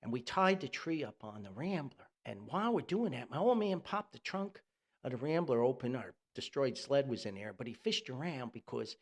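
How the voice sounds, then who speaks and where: Gravelly man telling a folksy story. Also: medium pitch, moderate pace. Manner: nostalgic, folksy, animated storytelling. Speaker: podcast host and storyteller. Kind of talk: storytelling podcast.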